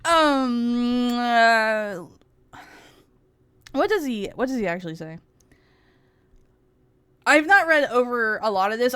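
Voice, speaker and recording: Woman streamer rambling and giggling, slow and sarcastic, smooth voice, dry close mic. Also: fairly high pitch, a bit bright, no room sound. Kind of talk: casual livestream commentary.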